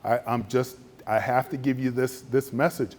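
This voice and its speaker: A middle-aged man, an Air Force general, telling a story in a luncheon speech and acting out the other voices. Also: moderate pace. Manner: animated storytelling, acts out other voices with raised pitch.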